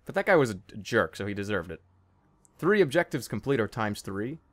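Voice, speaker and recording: A young man commentating a stealth game he is playing, jittery and excitable, with nervous laughs and yelps. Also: on the low side, fairly quick. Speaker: gaming video host. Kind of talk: let's play commentary.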